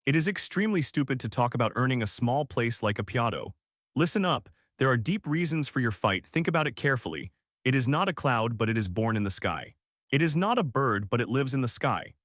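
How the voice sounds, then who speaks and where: A man's voice: medium pitch, lively intonation, fairly quick, a bit bright, no room sound, clean studio sound. A man reading the lines of an arrogant self-proclaimed god in an audiobook, with a haughty, lofty delivery. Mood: grandiose.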